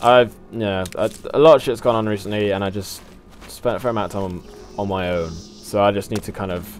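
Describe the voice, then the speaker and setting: A man's voice: fairly low pitch, brisk, a little hiss or hum. A young man casually commentating a video game, rambling, swearing and laughing at himself. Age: young adult. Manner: rambling, swearing, self-mocking, laughs often. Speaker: gaming channel host. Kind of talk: casual let's play commentary.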